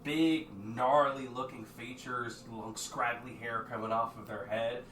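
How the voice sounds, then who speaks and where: A man narrating as game master of a tabletop game, lively and quick to jump into shouting voices for the figures. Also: medium pitch. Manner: animated, jumps into shouted character voices. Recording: echoey room from far off, faint noise.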